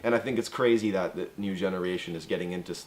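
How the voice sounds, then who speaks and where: A man's voice: deep voice, fast. A man in his twenties telling a casual storytime tale, loose, profane and sarcastic.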